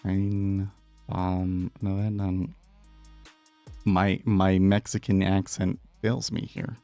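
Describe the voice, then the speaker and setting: A man's voice: low voice, level tone, slow pace, mellow, soft background music. A man casually chatting and rambling through a live day-trading stream, laughing often.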